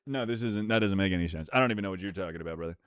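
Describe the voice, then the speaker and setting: Racing through his words, a male streamer chats with his audience, rowdy and jokey with plenty of swearing, spiking into rants with jumps in pitch. His tone is clean, and the studio-quality audio has no echo.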